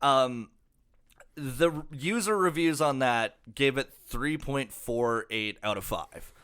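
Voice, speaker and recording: Bright, crisp-voiced podcast co-host man. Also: mid-range voice, takes it slowly. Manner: rambling, swears a lot, lots of fillers. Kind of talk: casual comedic album review chat.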